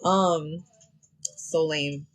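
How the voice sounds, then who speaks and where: A woman's voice: low voice, fairly even intonation, extremely slow. A woman giving a live-stream tarot reading, talking bluntly in a profane, slangy, rambling way into her phone. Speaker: tarot reader.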